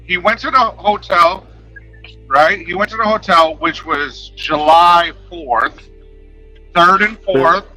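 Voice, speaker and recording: Friendly guy on a call, high bright voice, easygoing, swears a lot. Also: takes it slowly, faint music behind, low-quality recording. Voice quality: loose, swears casually. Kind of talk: casual chat.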